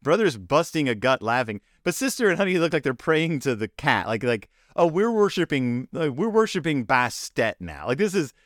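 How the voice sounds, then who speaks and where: Casting: man, comic book reviewer, rambling with wry asides, very lively pitch, dry close sound. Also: no echo.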